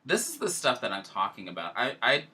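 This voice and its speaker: Man, casual chat host, very bright tone, lively pitch, emotional storytelling. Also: brisk.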